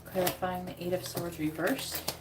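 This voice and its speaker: A woman's voice: fairly low pitch, level tone, moderate pace. A woman giving a live tarot reading in a casual, blunt way, swearing freely. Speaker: tarot reader. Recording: echoey room with noise.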